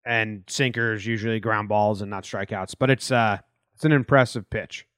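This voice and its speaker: A man's voice: fairly low pitch, steady tone, moderate pace, a bit bright, smooth, no echo, studio quality. Offhand, casual sports podcast guy. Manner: offhand, casual, swears freely. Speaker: podcast co-host.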